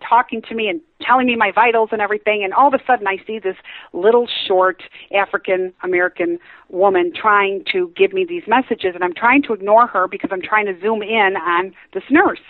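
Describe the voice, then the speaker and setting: A woman's voice: mid-range voice, fairly even intonation, fairly quick, no room sound. A woman who is a psychic medium, telling a story in a chatty way with many fillers, heard over a phone line. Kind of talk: storytelling, casual chat. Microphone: telephone. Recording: narrow phone-line audio, dry.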